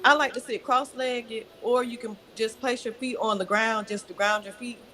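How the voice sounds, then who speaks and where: A woman yoga teacher giving calm, guiding breathing instructions in an interview over a video call. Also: fairly high pitch, moderate pace. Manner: calm, guiding, soft-spoken.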